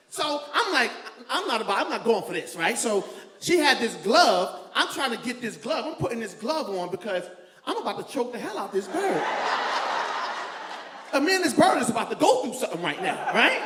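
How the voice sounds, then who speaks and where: A man from New York doing stand-up comedy, telling stories loudly and animatedly. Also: very high voice. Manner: loud, animated storytelling, laughing along. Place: comedy venue with a live audience. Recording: echoey room with faint ambience.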